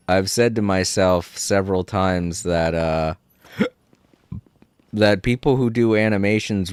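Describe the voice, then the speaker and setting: A man's voice: fairly low pitch, smooth, no echo, studio quality. A man streaming a game, chatting casually and rambling, laughing often and swearing a little. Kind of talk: casual live-stream chat.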